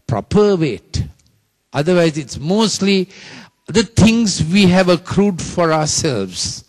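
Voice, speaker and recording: Slow, animated preacher. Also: male voice, on the high side. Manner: emphatic, repeats phrases for the congregation to echo. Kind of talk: sermon with call-and-response.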